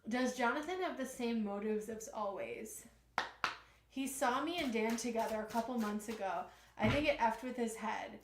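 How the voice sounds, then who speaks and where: A woman's voice: on the high side, moderate pace, roomy sound, background noise. A woman giving a live-stream tarot reading, chatty and emotional, talking to spirit and to her viewers. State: emotional, nearly crying. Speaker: tarot reader.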